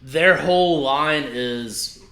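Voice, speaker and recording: A man's voice: on the high side, slow, roomy sound, a crowd in the background. A man hosting a casual wine tasting chat, describing tasting notes with frequent laughs. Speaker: wine reviewer host.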